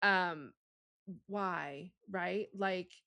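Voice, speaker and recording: A woman's voice: on the low side, drawn-out words, creaky, sharp tone, no room sound. A woman hosting a podcast, talking in an earnest, emphatic way and repeating words for stress. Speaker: podcast host. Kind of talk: casual conversation.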